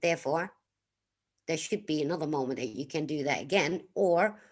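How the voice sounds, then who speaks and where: A woman from the Netherlands with a Dutch accent, hosting a casual livestream, reflective and unhurried, pausing to greet and thank viewers in the chat. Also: deep voice, lively intonation. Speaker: livestream host.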